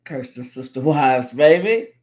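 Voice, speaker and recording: Lively, laughing woman hosting a livestream. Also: a bass voice, a little slow. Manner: animated, laughs often, playful teasing. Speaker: livestream host. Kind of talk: casual livestream chat.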